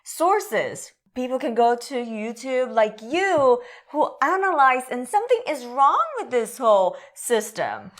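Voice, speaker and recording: Donna dal parlare lento e pacato. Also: female voice, a little high, very animated, unhurried, few pauses. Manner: agreeing, short backchannels. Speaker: co-host. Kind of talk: casual chat.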